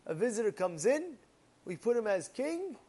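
A man's voice: high-pitched, very animated, moderate pace, dark tone, voice pushed up. A man voicing eager townsfolk who fawn over their new king in a parable.

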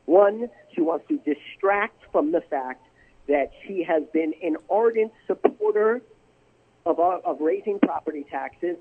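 A man, a congressman, guest on a radio interview, pressing political talking points and restarting his sentences. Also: high-pitched. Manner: combative political talking points, repeats words when starting. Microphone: telephone. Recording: tinny phone line.

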